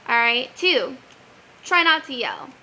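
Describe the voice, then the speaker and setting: A young woman giving earnest advice in a casual vlog, animated and sincere, quoting scripture now and then. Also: sits high, slow pace, a little hiss or hum, rough recording. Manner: earnest, animated, quotes Bible verses.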